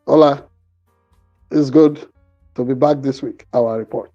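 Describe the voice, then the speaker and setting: Male news host, mellow tone. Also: mid-range voice, steady tone, a little slow, long pauses, highs cut off, faint music behind. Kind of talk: news commentary.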